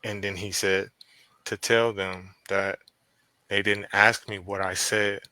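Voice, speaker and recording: A man with a Pennsylvania accent, a podcast guest telling a story in casual chat, profane and animated as he acts out quoted dialogue. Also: lowish voice, slow pace, a little hiss or hum.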